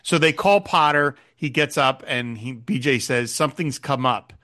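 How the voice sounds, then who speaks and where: A man's voice: mid-range voice, measured pace, bright, forceful tone. A man co-hosting a podcast, animatedly recapping a TV episode in casual chat and retelling scenes with quoted lines. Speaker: podcast co-host.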